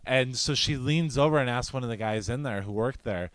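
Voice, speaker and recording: A man's voice: medium pitch, fairly quick, clean tone, dry recording. A man co-hosting a podcast, telling profane stories and mimicking other people's lines. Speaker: podcast co-host. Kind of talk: casual chat.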